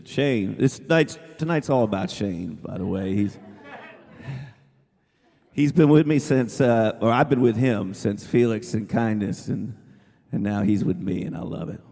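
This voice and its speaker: A man's voice: lowish voice, a little slow, gravelly, long pauses, mellow. A singer-songwriter man telling a rambling story between songs on a small coffeehouse stage, talking into a stage mic with many restarts. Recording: live room with long reverb and guitar.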